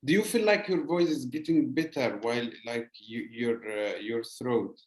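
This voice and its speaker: A man's voice: medium pitch, moderate pace. Male podcast host, casual, gropes for English words, echoey room. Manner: searches for English words, loose grammar. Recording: roomy echo.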